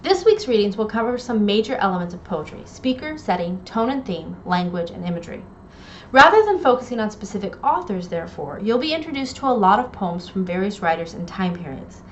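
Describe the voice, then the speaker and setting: A woman English instructor giving a recorded lecture, explaining terms clearly and reading poems aloud. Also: medium pitch, big pitch swings, fairly quick. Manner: clear explanatory delivery with quoted poem readings. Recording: dull lo-fi audio, faint noise.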